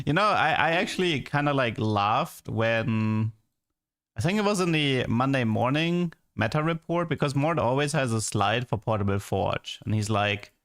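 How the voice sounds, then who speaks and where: In casual livestream commentary, a male game streamer rants in exasperation, restarting often and filling his speech with "like." His voice is mid-range and a bit bright, with lively intonation at a moderate pace.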